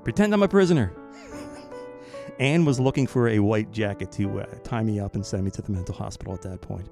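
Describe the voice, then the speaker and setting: A man hosting a podcast, giving a run of friendly, jokey thank-yous and shout-outs in an upbeat, chatty way. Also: on the low side, fast, creaky, over music. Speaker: podcast host.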